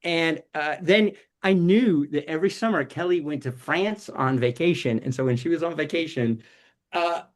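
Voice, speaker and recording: A middle-aged man, a puppeteer, telling stories in a casual interview, animated and full of fillers. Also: a little high, moderate pace. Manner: animated, many fillers and voiced quotes. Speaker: puppeteer guest.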